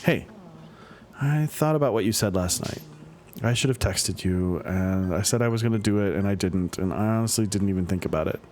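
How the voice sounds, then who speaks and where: A man's voice: fairly low pitch, fairly quick, a little mellow, a little hiss or hum, natural voice. A man voicing a laid-back teenage girl, the daughter in a game he is reading aloud, with an offhand, breezy delivery. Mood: casual.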